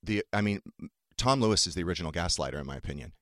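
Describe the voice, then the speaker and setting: A man's voice: low voice, animated, racing, a bit bright, dry recording, studio quality. A man hosting a talk podcast, candidly and emotionally retelling a painful family fight in casual chat. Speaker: podcast host.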